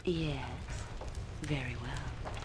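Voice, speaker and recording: A terse game hero. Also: female voice, a bass voice, steady tone, extremely slow, heavy background noise, full character voice. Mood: obliging. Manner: short acknowledgements.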